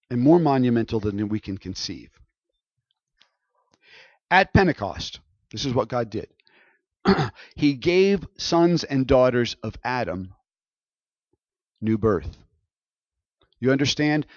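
A man's voice: mid-range voice, no echo, highs cut off. A man preaching a sermon in a conversational way, often checking in with his listeners. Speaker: pastor.

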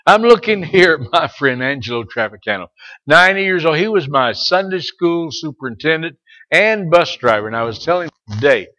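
A middle-aged pastor preaches to his congregation in a voice pitched a touch high for a man. He moves between quiet, conversational asides and loud, stretched-out calls not to give up. Now and then he turns to single listeners and speaks to them by name. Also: expressive. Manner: preaching that swings between soft asides and loud, drawn-out exhortations. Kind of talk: sermon.

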